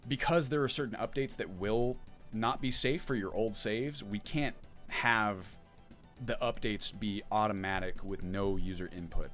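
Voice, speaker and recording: A man running a casual livestream, chatting as he explains update details and answers chat, thinking aloud as he goes. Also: lowish voice. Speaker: mod developer streaming.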